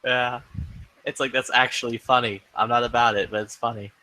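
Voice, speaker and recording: A man's voice: mid-range voice, fairly even intonation, fairly quick, bright, forceful tone, no echo, low-quality recording. Young guy in casual voice chat, dry sound. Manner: laughing, swearing, retelling with quoted voices. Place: online voice chat lobby.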